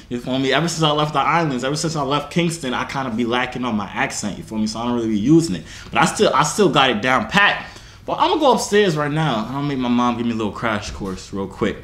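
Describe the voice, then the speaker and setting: A young man vlogging at home, joking and bragging in playful casual banter. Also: mid-range voice. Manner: playful boastful banter with lively rises. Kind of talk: joking casual vlog chat. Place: home, indoors. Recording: echoey room with faint ambient noise.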